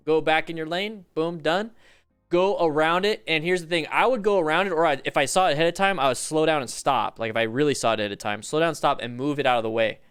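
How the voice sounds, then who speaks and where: Excitable chatty man streaming live. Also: a little high, smooth. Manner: excitable, chatty, swears and greets viewers. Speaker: livestream host reacting to motorcycle videos. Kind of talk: casual livestream commentary.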